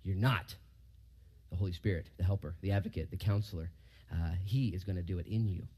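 A man, a pastor, giving a casual verse-by-verse sermon in a church hall. He questions the room and moves from loud emphasis to quiet asides. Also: fairly even intonation, quick pace, breathy edge. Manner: conversational, asks the room questions, rises loud for emphasis and drops low for asides.

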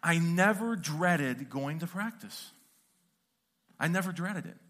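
Middle-aged guy preaching, bright voice, funny stories where he acts out the quotes. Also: on the high side, animated, slow pace. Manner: storytelling with acted-out quotes and humor. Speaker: pastor. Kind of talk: sermon. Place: church stage.

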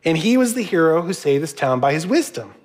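A man's voice: a little high, sing-song, brisk. A middle-aged man giving a sermon as a pastor, conversational, with asides to the congregation.

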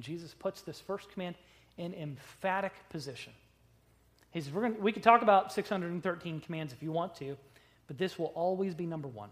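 A man preaching a sermon, conversational with rhetorical questions, swinging between loud stressed words and quiet asides. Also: fairly high pitch, brisk. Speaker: pastor.

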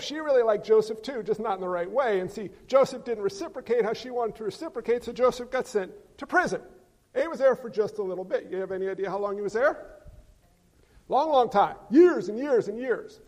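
High-voiced male pastor preaching in a hall. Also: gravelly, darkish tone. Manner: joking, quizzes the congregation. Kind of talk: sermon. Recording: long reverb of a large hall.

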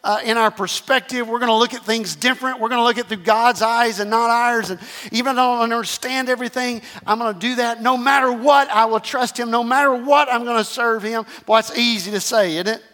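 A man's voice: extremely high pitch, steady tone, a little fast, hardly any pauses, pushed and bright, big-room sound. A man preaching a sermon, repeating phrases emphatically and calling the congregation to respond. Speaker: pastor.

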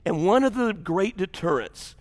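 A male pastor preaching a sermon in an animated, rambling way, with self-deprecating asides. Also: sits high, normal speed, in a large hall.

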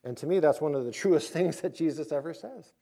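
A man's voice: fairly high pitch, a little fast, creaky, dark tone. A man, a pastor, preaching a conversational sermon, telling a personal story and acting out quoted voices before reading scripture.

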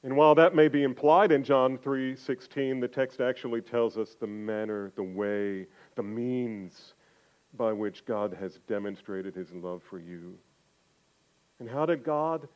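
An older man preaching a sermon, slow and emphatic, swinging from loud declarations down to quiet, intimate asides. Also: medium pitch, muffled recording. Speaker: pastor.

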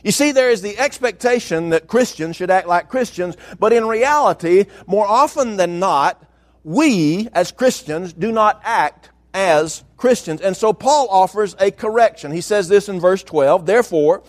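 A pastor preaching a sermon, with emphatic delivery and slowed, stressed phrases. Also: male voice, high voice, animated.

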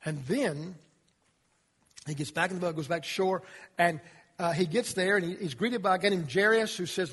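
A male pastor preaching a sermon, telling the story dramatically and dropping to quiet emphasis. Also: high-pitched, moderate pace, long pauses, husky, big-room sound.

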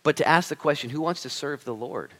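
A male pastor preaching a sermon in church, animated and frank, acting out quoted speech with humor. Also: on the high side, brisk. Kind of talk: sermon with storytelling.

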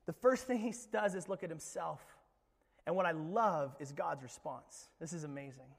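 A young adult male pastor preaching a sermon in an animated, dramatic way with playful asides. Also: high-pitched, moderate pace, long reverb tail.

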